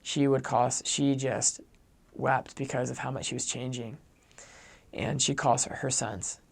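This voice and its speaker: Young man, casual chatty storytelling, animated, lots of filler words. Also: medium pitch, unhurried, creaky, slightly rough. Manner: chatty, heavy use of "like", animated. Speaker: returned missionary.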